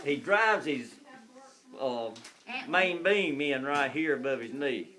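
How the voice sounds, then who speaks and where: A man's voice: mid-range voice, slow, over a noisy crowd. A man telling a hunting story to family, laughing as he goes. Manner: laughing, animated, colloquial storytelling.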